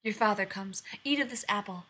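A woman's voice: mid-range voice, brisk, bright, forceful tone, husky. A woman voicing a desperate young queen stepmother in a storytelling reading, urgent and pleading.

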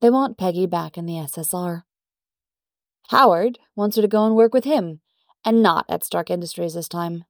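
A woman reading a story aloud in measured, even narration. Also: fairly low pitch, no room sound, studio quality. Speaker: story reader. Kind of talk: scripted narration.

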